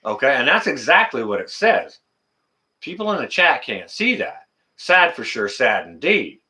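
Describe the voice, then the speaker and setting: A man's voice: medium pitch, big pitch swings, measured pace, pushed and bright. A man hosting a casual livestream, talking to viewers in the chat by name and ranting indignantly, often repeating his phrases. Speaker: livestream host.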